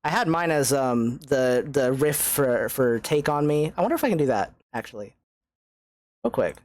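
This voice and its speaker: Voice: mid-range voice, expressive, normal speed, darkish tone, no room sound. A young adult game streamer in casual let's-play chat, self-mocking, often stammering and swearing. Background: faint game music.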